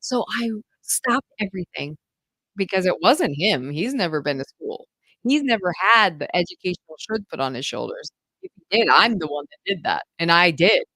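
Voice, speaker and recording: A woman's voice: on the low side, very animated, normal speed, bright, forceful tone, no echo, low-quality recording. A woman homeschool coach talking straight to her listeners in an enthusiastic, chatty podcast monologue, calling them "you guys.". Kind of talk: direct-to-audience podcast monologue.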